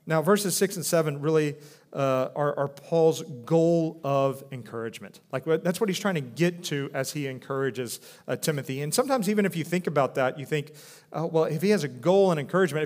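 A man in his thirties, a pastor, preaching in an earnest, conversational way with many restarts. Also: on the high side. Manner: earnest, conversational, with frequent restarts and a soft drop for quoted speech. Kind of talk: sermon.

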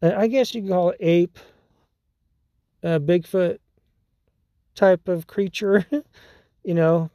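A man's voice: high voice, slow, pauses often, mellow, dry recording, clean studio sound. A man hosting his own podcast, talking in a rambling, casual monologue with frequent laughs and restarts. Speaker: podcast host.

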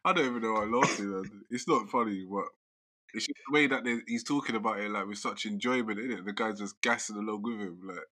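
A man, talking in a relaxed, slangy way. His voice is very bright and forceful, and he often laughs while he tells a story. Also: lowish voice, fast. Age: 30s. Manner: laughs through his own stories, slangy. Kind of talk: casual chat.

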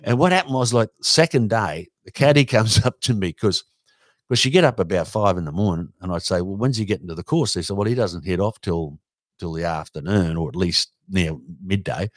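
An Australian man co-hosting a casual pub-style chat, telling an animated story and slipping into silly cartoon voices now and then. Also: low-pitched, a little fast, no echo. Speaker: podcast co-host telling a story.

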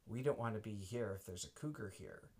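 A man voicing a worried mother in a bedtime story, answering quickly. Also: on the low side, big pitch swings, gravelly, slightly rough, heavily acted.

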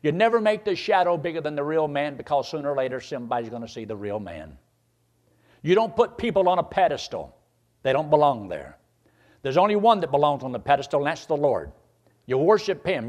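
Preacher man with a lively, rising voice. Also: brisk. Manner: swings from quiet asides to loud shouted climbs in pitch. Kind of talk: sermon.

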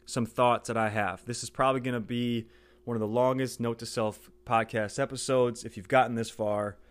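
A man's voice: mid-range voice, fairly even intonation, smooth. Earnest middle-aged man telling a story. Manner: earnest, halting with frequent restarts. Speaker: podcast host. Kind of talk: personal storytelling monologue.

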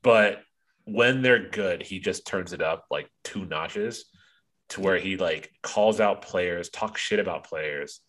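A man's voice: deep voice, takes it slowly, fairly bright tone. A man co-hosting a sports podcast in casual chat, ranting with profanity and plenty of ums. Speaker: podcast co-host.

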